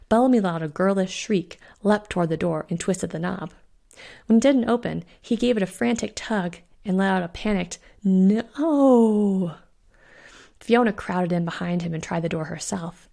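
A woman reads a spooky short story aloud in a measured, suspenseful style. Her voice sits low and has a gravelly edge. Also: darkish tone. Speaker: podcast host and author reading her story. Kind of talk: audiobook narration.

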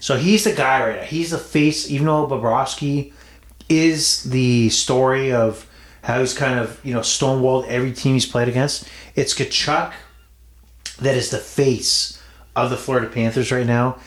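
Chatty podcast host in an echoey room. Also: male voice, medium pitch, fairly even intonation, moderate pace. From Toronto area, Canada. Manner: playful, teasing, repeats himself. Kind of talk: casual sports betting chat.

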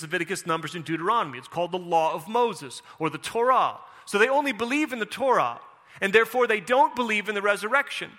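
Bright-voiced preacher in an echoing hall. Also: male voice, sits high. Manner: casual and conversational, with playful asides. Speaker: pastor. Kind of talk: sermon. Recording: long hall reverb.

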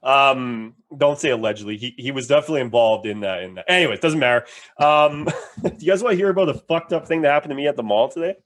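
A man's voice: mid-range voice, quick pace, fairly bright tone. A man, a podcast host telling stories animatedly and laughing often in casual chat.

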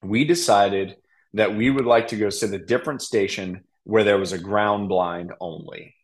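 A man's voice: fairly low pitch, normal speed. Laid-back man telling a hunting story. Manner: animated, laughing, acts out quotes. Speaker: podcast guest. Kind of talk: casual storytelling.

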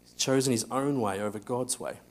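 A man preaching a sermon, telling a Bible story with energy, acting out the voices and often dropping to a hushed tone. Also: mid-range voice, fairly quick. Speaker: pastor.

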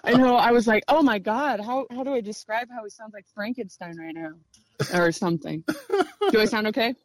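A woman's voice: on the high side, brisk, no room sound, low-quality recording. A woman co-hosting a radio show remotely, chatting in a bubbly, hesitant way from a van over the phone. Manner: bubbly, hesitant, says "like" often. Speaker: radio co-host calling in remotely. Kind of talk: casual on-air chat.

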